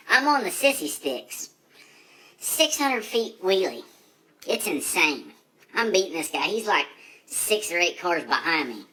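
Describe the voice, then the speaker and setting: A man's voice: high-pitched, pushed and bright, heavily acted, poor audio. A man playing a brash, foul-mouthed redneck drag racer in a comedic monologue, full of profane, rambling, boastful trash talk.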